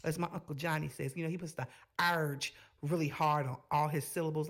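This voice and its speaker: A woman hosting a reaction video, giving sassy, animated commentary straight to her viewers. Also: sits low, moderate pace.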